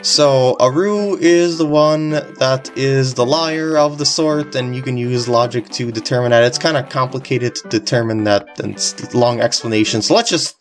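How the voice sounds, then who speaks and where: Woman, game walkthrough commentary, very low voice, rambling and giggly, faint game music. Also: moderate pace, few pauses. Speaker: gameplay commentator.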